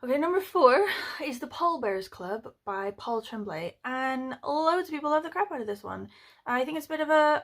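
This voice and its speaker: A woman's voice: fairly high pitch, vocal fry. Chatty, sarcastic woman book vlogger. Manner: chatty, swears freely, lots of "like" and "you know"; amused and sarcastic. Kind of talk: casual book review chat.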